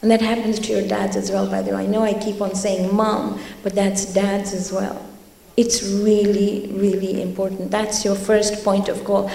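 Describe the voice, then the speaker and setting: A woman's voice: medium pitch, little pitch movement, moderate pace, creaky, dark tone. A woman giving an earnest religious talk, urging her listeners and telling stories. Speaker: religious lecturer. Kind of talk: religious talk to a youth audience. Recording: echoey hall with long reverb.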